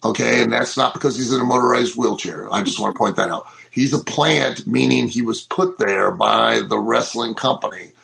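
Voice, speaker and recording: A middle-aged man with a very gravelly, creaky voice, telling a story in loose podcast banter. He mimics the people in his tale as he goes. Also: mid-range voice, normal speed, few pauses, poor audio. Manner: animated storyteller, acts out quotes. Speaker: co-host. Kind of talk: casual wrestling podcast banter.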